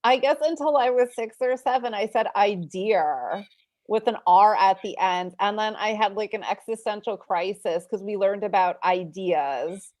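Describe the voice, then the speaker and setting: A woman's voice: mid-range voice, moderate pace, a little mellow. A woman from the Bronx in a casual group chat, telling wry stories from childhood. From the Bronx, New York.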